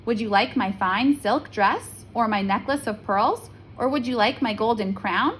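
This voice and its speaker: A woman's voice: a little high, measured pace, a bit bright, a little hiss or hum, poor audio. A woman voicing a selfish young princess in a storybook, speaking in a lifted, dramatic voice. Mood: coaxing.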